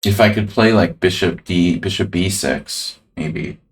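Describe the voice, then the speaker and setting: Male chess streamer, very low voice, loose rambling live commentary to chat. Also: measured pace. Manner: casual, rambling, talks to chat.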